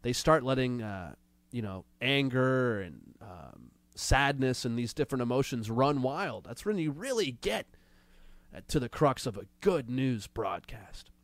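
A man hosting a casual livestream, reading chat and mocking news clips in a sarcastic, drawn-out way, with a slight cold. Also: mid-range voice, expressive, dry recording. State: has a cold. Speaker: livestream show host.

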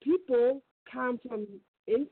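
A woman's voice: high-pitched, breathy edge, dry recording. Middle-aged Ethiopian-accented woman, phone-in guest, stumbling and restarting, tinny dry line. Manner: halting, many restarts and fillers. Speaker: guest caller. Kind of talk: radio call-in interview.

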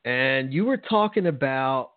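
A man's voice: medium pitch, animated, measured pace, no echo. A man co-hosting a hobby podcast, chatting loosely with plenty of fillers and easy laughter. His voice comes through tinny and narrow, like a phone call, with no room sound at all. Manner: rambling, laughs a lot, many fillers. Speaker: podcast co-host. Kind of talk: casual chat.

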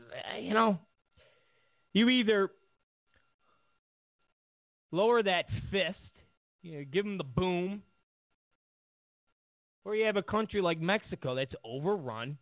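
A male talk show host rambles sarcastically through his commentary, full of fillers and restarts. His voice is gravelly and slow-paced with a lively pitch. It sounds tinny and phone-like. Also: no echo.

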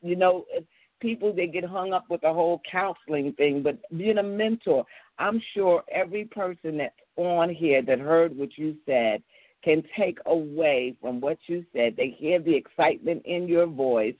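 A woman's voice: low voice, moderate pace, dry recording. A woman hosting a call-in radio talk show as a minister, talking with style affirmations and frequent laughter. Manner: warm church-style affirmations, laughing often. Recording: tinny phone-like broadcast sound, dry.

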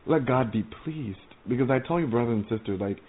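A man's voice: mid-range voice, a little fast, slight background noise. A male preacher giving an earnest testimony sermon, often stumbling and repeating words as he tells of his vision. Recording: tinny phone-like audio.

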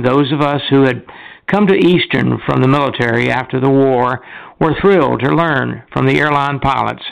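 This is an older man reading his flying memoir aloud, his voice heavy with gravel at an ordinary pitch. He reads in a measured, careful way and now and then trips and corrects a word. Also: rough recording. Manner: measured, deliberate reading with small slips. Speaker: retired airline pilot reading a memoir.

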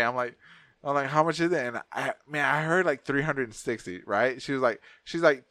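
A man co-hosts a podcast in a brisk, medium-pitched voice, recorded dry. His storytelling is casual and profane, and he animatedly performs the voices of everyone in the anecdote.

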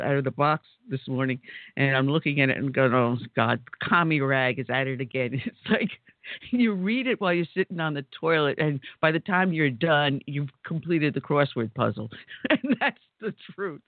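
A woman's voice: deep voice, lively intonation, moderate pace, dry recording. Casual: woman radio host chatting away, telling stories, dry close sound, lo-fi like a phone. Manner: chatty, storytelling, exclaiming. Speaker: radio talk show host. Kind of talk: conservative talk radio chat. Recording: tinny phone-like line.

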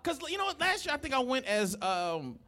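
A man's voice: very high-pitched, sing-song, brisk, pushed and bright. A man co-hosting a live comedy podcast, teasing his co-hosts with skeptical pushback. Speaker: podcast co-host. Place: live event on a college campus.

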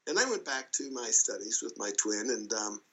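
Man telling a lively, chuckling story. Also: lowish voice, normal speed, rough recording. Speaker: interview guest. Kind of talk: casual storytelling.

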